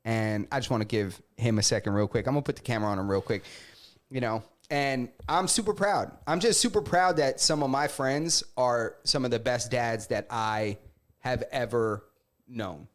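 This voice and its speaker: A man's voice: mid-range voice, moderate pace. A young man, co-hosting a podcast, playful and emphatic, laughing often. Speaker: podcast co-host. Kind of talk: casual chat.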